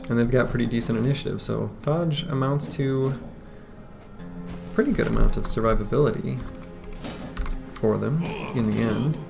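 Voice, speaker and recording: Over faint background music, a man with a medium-pitched, gravelly voice speaks at a moderate pace, pausing often. He streams a strategy game, chatting casually and greeting viewers while he plays.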